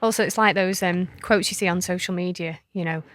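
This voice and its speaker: A woman, co-hosting a podcast and telling stories in an animated way, laughing and acting out the voices. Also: fairly low pitch, a little fast, dry recording, clean studio sound. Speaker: podcast co-host. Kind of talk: casual storytelling chat.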